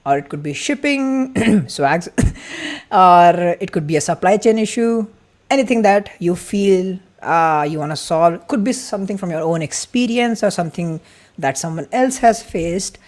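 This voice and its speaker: Excited fast-talking man hosting. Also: high voice. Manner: greets viewers from the chat. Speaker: livestream host. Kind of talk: live-streamed event welcome.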